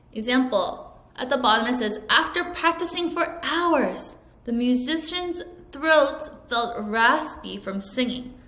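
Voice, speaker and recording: A woman teaching English vocabulary to children in a recorded lesson. She speaks clearly and over-enunciates, and she prompts the class to repeat after her. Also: fairly high pitch, a bit bright. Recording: echoey room.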